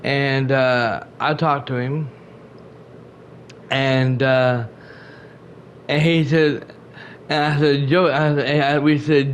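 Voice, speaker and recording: A man's voice: mid-range voice, steady tone, slow pace, pauses often. A man hosting his gaming channel, rambling through a casual update to his viewers, restarting and repeating himself often. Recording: dull lo-fi home recording with faint noise.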